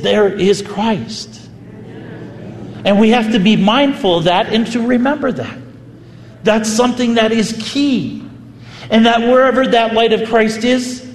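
A man, a priest, telling a story in a sermon with animated, vivid delivery. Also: high voice. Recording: echoey hall, faint ambience.

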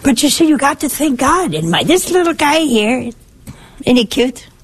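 An older woman giving a lively, conversational sermon, her pitch swinging high and low. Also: normal speed. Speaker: religious speaker. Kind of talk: sermon-style talk.

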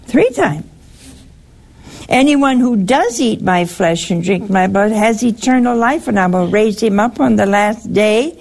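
An older woman hosting a call-in religious talk show, answering a caller slowly and emphatically and quoting scripture. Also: medium pitch, creaky, a little mellow. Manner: slow, emphatic, quotes scripture.

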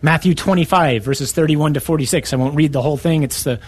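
Emphatic preacher, a man in mid-pitch. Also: fast, slightly rough. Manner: emphatic, punches key words with sudden rises in pitch. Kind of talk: sermon.

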